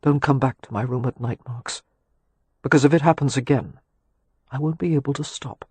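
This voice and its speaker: A man reading an audiobook, voicing a wry, teasing gentleman with a husky voice. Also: moderate pace, no room sound, lightly acted. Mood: ardent. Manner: wry, teasing, low and intimate. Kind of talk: audiobook dialogue.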